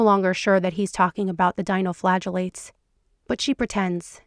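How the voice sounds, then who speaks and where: A woman podcast host reading fan fiction aloud in a soft, intimate storytelling voice. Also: fairly low pitch, flat delivery, normal speed, no echo, clean studio sound. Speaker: podcast narrator.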